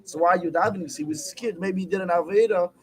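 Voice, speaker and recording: A man's voice: high voice, quick pace, poor audio. A man teaching a Torah class, reading the text aloud, then asking and answering his own questions.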